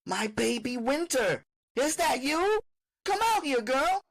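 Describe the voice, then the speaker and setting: A man voicing a strung-out middle-aged mother who begs and teases in a high, sing-song voice. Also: sing-song, slow, vocal fry, a bit bright, exaggerated voice. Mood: wheedling.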